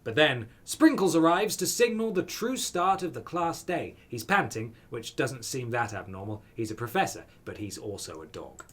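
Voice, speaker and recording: A man's voice: mid-range voice, big pitch swings, moderate pace, hardly any pauses, fairly bright tone, husky. A man streaming a dating game, reading the text aloud with playful, wry asides.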